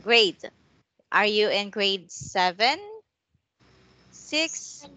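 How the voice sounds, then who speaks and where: A woman with an expressive, mid-range voice and a bright, forceful tone runs a one-on-one English lesson online. Speaking slowly and warmly encouraging over video call, she models words for her student to echo back.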